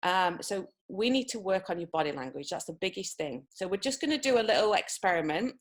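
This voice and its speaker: A woman's voice: mid-range voice, expressive, fairly quick. A woman running a live online workshop on communication from home, upbeat and reading out participants' answers. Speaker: communication coach. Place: home, wrapped in a blanket.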